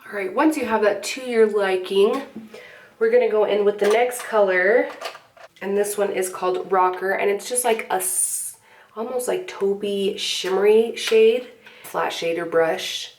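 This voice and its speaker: Speaking a little slowly at medium pitch, a young beauty vlogger chats through a makeup tutorial, her cold showing in frequent sniffles. Her manner is loose and relaxed, full of fillers. She's recorded from a distance, slightly off-mic in an echoey room, with a bit of hiss or hum.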